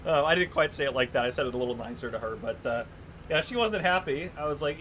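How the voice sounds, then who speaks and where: A man's voice: mid-range voice, expressive, fast, fairly bright tone, a little hiss or hum, rough recording. A man chatting casually on a live gaming stream, telling stories, reading chat aloud and laughing often.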